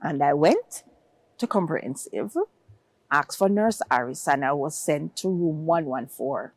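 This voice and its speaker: A woman tells an emotional personal story as a guest, acting out other people's words in her own voice. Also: unhurried. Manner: acts out quoted voices, rising high for others' words.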